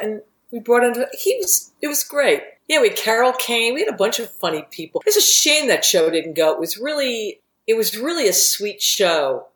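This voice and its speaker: Animated woman telling showbiz stories. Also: fairly high pitch, normal speed, few pauses. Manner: animated anecdote teller who acts out quotes. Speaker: TV writer and producer. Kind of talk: casual interview storytelling. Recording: echoey room.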